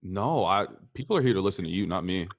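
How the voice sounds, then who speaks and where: A woman's voice: a bass voice, expressive, fast, dull audio, slight background noise. A woman interviewer asking brief questions in a casual interview.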